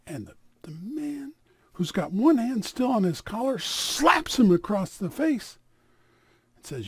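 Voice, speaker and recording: A man telling a story aloud in an animated, dramatic way. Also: very high voice, measured pace, gravelly, breathy edge. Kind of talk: oral storytelling.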